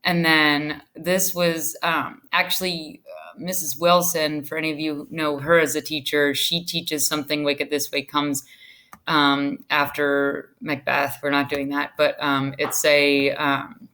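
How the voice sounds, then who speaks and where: A woman's voice: low-pitched, level tone, measured pace, pushed and bright. A woman teacher giving a casual lesson from home, chatty and full of ums and restarts. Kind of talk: casual online literature lesson.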